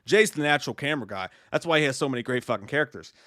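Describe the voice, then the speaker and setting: A man co-hosting a live stream in loose, rambling chat, cursing often and joking at his own expense. His voice is mid-pitched and the sound is dry and close. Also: animated, racing, sharp tone, no echo. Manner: profane, rambling, self-deprecating. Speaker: co-host of a movie live stream.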